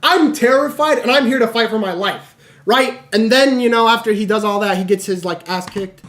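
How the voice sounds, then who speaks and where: A young man streaming live, telling a story in a casual, animated way, full of "literally" and "right?". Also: sits high, moderate pace. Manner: animated, conversational, lots of fillers like "literally" and "right?".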